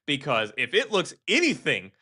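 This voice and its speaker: A man co-hosting a casual gaming podcast, talking in an animated, rambling way with many restarts. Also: a little high, normal speed, husky. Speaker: podcast co-host.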